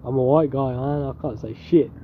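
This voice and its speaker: A man's voice: medium pitch, fairly even intonation, moderate pace, a little hiss or hum. A young man chatting casually, laid-back and slangy, with a teasing edge. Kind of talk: casual chat. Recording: tinny phone-like sound.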